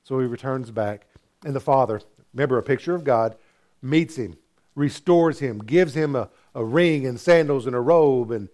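A man preaching a sermon as pastor, retelling a parable with animated storytelling and acted-out voices. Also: medium pitch, moderate pace. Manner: animated storytelling, acting out characters.

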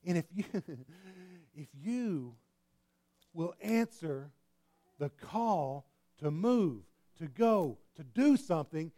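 Guy preaching to his church, lively, repeats himself a lot, goes soft then loud. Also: a little high, takes it slowly. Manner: animated preaching with repetitions and restarts, swings from quiet to loud. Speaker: pastor. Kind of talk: sermon. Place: church hall with congregation.

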